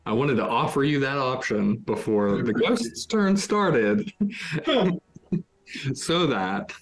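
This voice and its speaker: A man narrating as game master of a tabletop game, hesitant, with many pauses and restarts. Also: mid-range voice, lively intonation, faint music behind.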